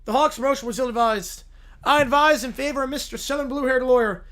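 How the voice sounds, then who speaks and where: A man's voice: extremely high pitch, a little fast, a bit bright. A man voicing a stern male judge who gives formal, clipped rulings in a comic courtroom role-play.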